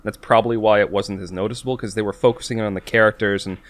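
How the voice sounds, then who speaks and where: A man who talks fast in a steady, lowish voice co-hosts a laid-back podcast conversation. Talkative by nature, he repeats words when launching into a thought and does a put-on voice for quoted lines.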